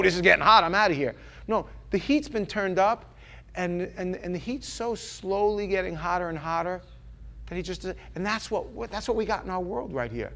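A man from New York preaching a sermon, animated and joking, acting out little voices as he tells his stories. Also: high-pitched. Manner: animated, acts out voices and jokes.

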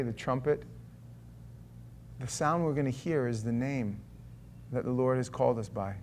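A middle-aged man preaching a sermon, reading scripture aloud and breaking off into animated, conversational asides and jokes. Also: mid-range voice, slight background noise. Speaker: pastor.

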